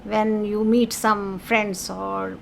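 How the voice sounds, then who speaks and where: A woman's voice: medium pitch, level tone, takes it slowly, vocal fry, a little hiss or hum. A woman teaching a French lesson in English, explaining patiently and repeating key words with French phrases mixed in.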